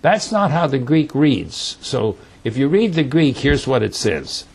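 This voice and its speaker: Slow-paced man teaching the Bible. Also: medium pitch, sing-song, creaky, breathy edge. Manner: slow, repetitive explaining with frequent "okay?" checks.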